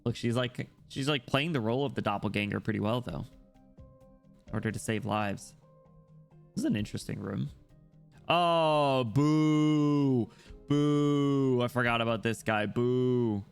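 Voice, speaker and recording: A man's voice: lowish voice, fairly even intonation, brisk, creaky, faint music behind. A man streaming a game, chatting casually and jokingly while reading the story aloud. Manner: chatty and jokey, reads game text aloud.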